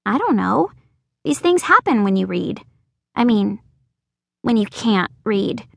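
A woman voicing an excitable, dramatic young girl who talks in a shrill, breathless way. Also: slow pace, gravelly, dry recording, clean studio sound, exaggerated voice. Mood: eager.

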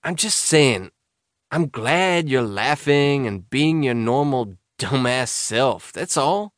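A man's voice: medium pitch, lively intonation, slow pace, dry recording, clean studio sound. An audiobook narrator, a man, voicing a teasing teenage boy best friend in a raised voice. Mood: concerned. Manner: teasing, blunt.

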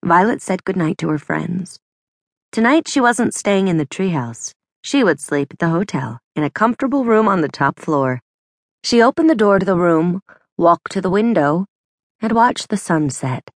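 A woman narrating a children's adventure audiobook in clear, measured storytelling. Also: on the low side, lively intonation, no room sound, clean studio sound. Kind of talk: scripted narration.

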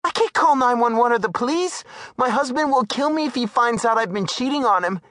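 Male narrator putting on a panicked, pleading woman, pitched way up; desperate, bossy. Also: lively intonation, fairly quick, a bit bright, dry recording. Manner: frantic, pleading.

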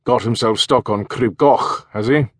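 A man's voice: medium pitch, unhurried, slightly rough, no echo, studio quality, pitched above the performer's own voice. A man voicing a good-natured young village constable with a teasing manner. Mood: friendly.

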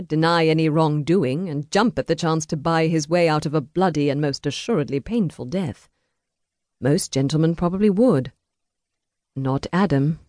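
A woman narrating a historical romance audiobook in a measured, even storytelling voice. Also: deep voice, no room sound, clean studio sound.

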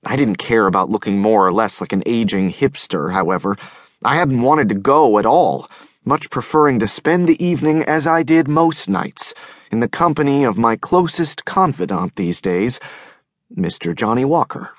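A man narrating a novel in the first person, with a measured, wry delivery. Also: medium pitch, lively intonation, no room sound, studio quality. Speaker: audiobook narrator. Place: recording studio.

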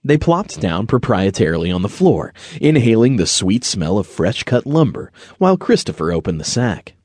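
A man narrating an audiobook in a gentle storytelling way. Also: lowish voice, sing-song, normal speed, slightly rough, no room sound. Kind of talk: scripted narration. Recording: dry close studio recording.

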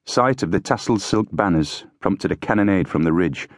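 Steady and measured, a low-pitched man reads an audiobook narration from a script. The recording is dry and of studio quality.

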